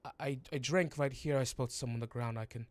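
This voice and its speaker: A man's voice: mid-range voice, fairly even intonation, quick pace, dry recording, close to an everyday voice. A man voicing a clumsy, apologetic young male adventurer who stammers in a tabletop role-play. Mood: sheepish.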